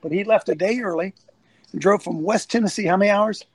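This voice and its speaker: A man's voice: high-pitched, brisk, dry recording, rough recording. A man nicknamed Coach who tells a folksy story and rallies listeners to serve, talking into a phone. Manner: folksy storytelling, rallying, animated. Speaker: ministry leader called Coach. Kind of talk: livestreamed preaching talk.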